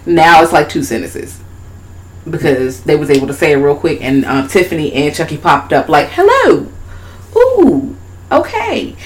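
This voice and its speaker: A woman co-hosting a podcast, retelling a movie in casual chat with a profane, laughing, animated style. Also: deep voice, brisk, slight background noise, poor audio. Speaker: podcast co-host.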